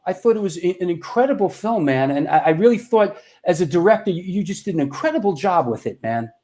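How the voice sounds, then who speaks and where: A man hosting an interview show, asking halting questions with lots of stammers and casual swearing. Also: sits high, expressive, darkish tone. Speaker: host.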